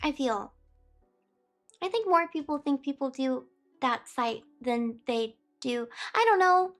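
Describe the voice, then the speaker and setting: A woman's voice: sits high, lively intonation, slow pace, faint music behind. A young woman streamer rambling casually to her chat, saying "beep" aloud in place of words she bleeps out. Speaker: streamer chatting with viewers.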